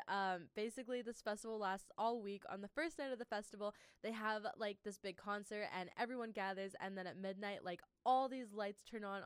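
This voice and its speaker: A woman's voice: mid-range voice, clear, resonant tone, no echo, studio quality. A young woman hosting a casual college radio show, chatty and bubbly with lots of ums. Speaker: radio host. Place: radio studio.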